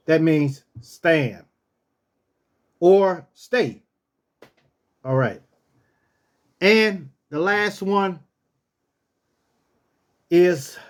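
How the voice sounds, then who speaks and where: Speaking slowly and casually, a man who hosts as a storyteller relates an anecdote in a high, widely varying voice. When he gets to the commands, he snaps them out harshly in drill-sergeant fashion.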